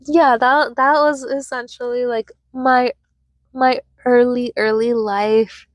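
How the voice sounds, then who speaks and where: Young adult woman vlogger, unhurried and meandering, a touch high-pitched, casual personal storytelling. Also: little pitch movement, no room sound. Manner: rambling, many filler words and restarts.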